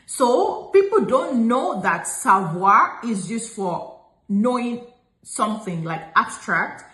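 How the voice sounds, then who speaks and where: A woman teaching a beginner French lesson, slowing down to model each phrase. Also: a little high, expressive, fairly bright tone. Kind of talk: language lesson. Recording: echoey room.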